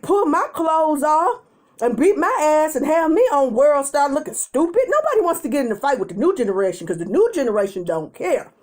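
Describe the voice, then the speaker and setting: Animated woman telling a story time. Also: high-pitched. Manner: animated storytelling, acts out quotes in changing voices. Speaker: mukbang vlogger.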